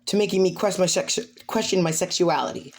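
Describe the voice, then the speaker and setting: A woman voicing a drunk, dramatic teen girl who speaks in shrill, whiny outbursts. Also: a little fast, close to an everyday voice. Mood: indignant.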